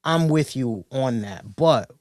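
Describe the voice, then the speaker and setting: A man's voice: medium pitch, lively intonation, slow pace, a little mellow, no room sound, studio quality. A man co-hosting a casual talk show, rambling through stories with lots of restarts and "you know"s. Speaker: co-host. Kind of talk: casual podcast chat.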